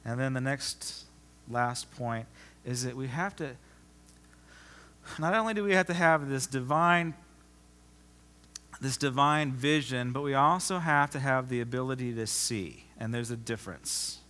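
A man preaching a sermon as pastor, emphatic, often repeating himself and swinging from loud to soft. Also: medium pitch, measured pace, pauses often. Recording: long reverb of a large hall.

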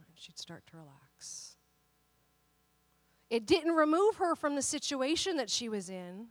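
Animated woman preaching a sermon. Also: high-pitched, normal speed, long pauses, dry recording. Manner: animated, conversational preaching with many restarts. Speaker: pastor.

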